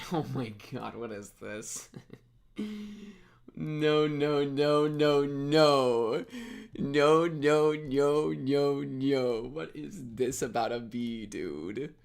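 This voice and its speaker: A man's voice: medium pitch, extremely slow, vocal fry, clean tone. A young man on a live stream, chatting casually with viewers, laughing at himself and reacting to what they send in. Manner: giggly, self-mocking, talks straight to chat.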